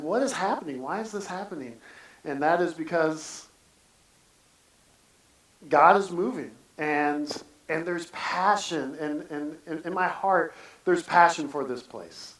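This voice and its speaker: A man giving a casual, earnest church sermon, talking in halting bursts full of restarts. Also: on the high side, fairly bright tone. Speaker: preacher. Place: church sanctuary. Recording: echoey church sanctuary from a distance.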